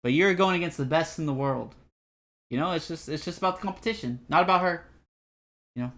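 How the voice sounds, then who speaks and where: Bright, rambling young male streamer. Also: fairly high pitch, fairly quick. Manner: rambling, animated, self-deprecating. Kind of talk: live game playthrough commentary.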